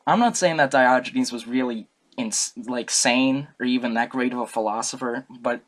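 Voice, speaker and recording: A man's voice: medium pitch, moderate pace, a bit bright. A young man giving a casual, comic student talk, rambling, joking and correcting himself as he goes. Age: young adult. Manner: rambling, jokey, self-correcting. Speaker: student presenter.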